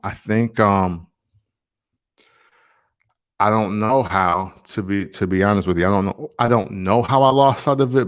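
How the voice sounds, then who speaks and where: A man in his thirties, a songwriter and podcaster, talking through his thoughts in a loose, rambling monologue full of slang asides. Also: low voice. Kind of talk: reflective casual monologue.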